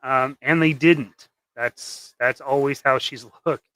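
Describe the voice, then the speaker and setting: A man's voice: mid-range voice, fairly even intonation, slow, a bit bright, no room sound. A man hosting a casual livestream while he paints custom action figures, rambling and trailing off into mumbles.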